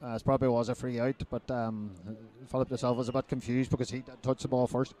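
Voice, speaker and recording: A man's voice: mid-range voice, flat delivery, quick pace, dark tone. A man giving chatty, hesitant co-commentary analysis on a football match.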